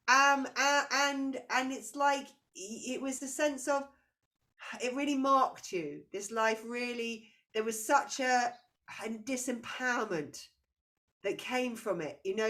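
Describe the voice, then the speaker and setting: Higher voiced woman doing a past life reading, intense and kinda searching for words. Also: fairly bright tone. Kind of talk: spiritual reading session.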